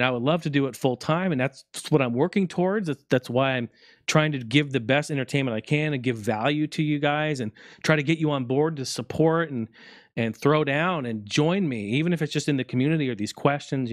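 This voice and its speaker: A man with a mid-range voice hosts his own gaming podcast, recorded in clean studio sound without echo. Talking solo and casually, he rambles in a heartfelt way and swears freely.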